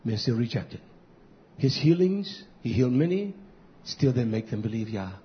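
A male pastor delivering a sermon in an emphatic, repetitive cadence, swinging between shouting and hushed near-whispers. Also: medium pitch, big pitch swings, moderate pace. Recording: dull lo-fi recording.

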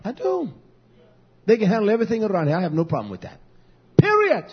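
Man, pastor, sermon, husky, lively pitch, dull lo-fi recording. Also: quick pace. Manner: animated storytelling, quoting himself.

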